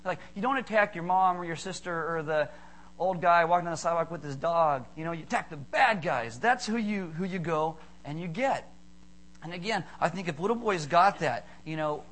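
A male pastor giving a jokey, animated sermon, acting out little voices as he tells his stories. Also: fairly high pitch. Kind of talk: humorous sermon.

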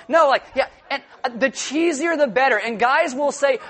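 Middle-aged male pastor with a high voice, jokey and animated, acts out quotes while preaching. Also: moderate pace, hardly any pauses. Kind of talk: sermon.

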